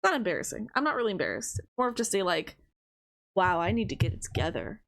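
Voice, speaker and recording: A woman streamer giving casual, playful commentary while gaming. She swears, taunts the enemy and rambles quickly to herself. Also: mid-range voice, big pitch swings, vocal fry, fairly bright tone. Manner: rambling fast self-talk.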